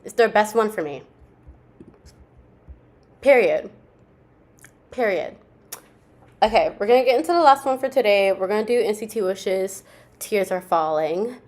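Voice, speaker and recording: An excited woman reacts to music videos, her voice sitting at a middle pitch. She talks straight to her viewers, repeating herself with gusto and leaning hard on every point. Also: unhurried, pauses often. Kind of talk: casual reaction commentary.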